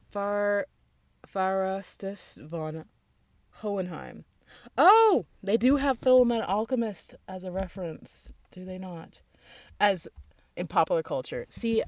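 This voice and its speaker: A woman casually chatting alone on a stream, thinking out loud in a rambling, playful, easily sidetracked way. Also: mid-range voice, no room sound. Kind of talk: casual solo stream chat.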